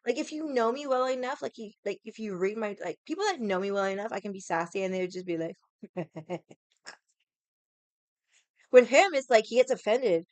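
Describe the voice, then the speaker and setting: A woman's voice: medium pitch, lively intonation, normal speed, pauses often, darkish tone, no echo. A young woman hosting a casual livestream, ranting in a sassy, profane, rambling way and greeting viewers. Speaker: livestream host.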